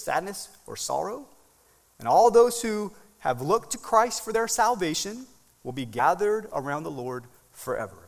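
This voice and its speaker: A male pastor preaching a sermon with call-and-response questions, swinging from emphatic peaks to soft, low asides. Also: long reverb tail. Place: church sanctuary.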